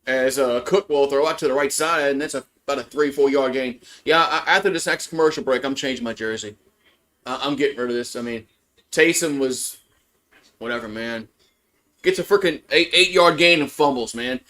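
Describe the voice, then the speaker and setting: A man's voice: medium pitch, normal speed, bright, forceful tone. A man doing casual live play-by-play of a football game as a fan streamer, frustrated, swearing and repeating himself.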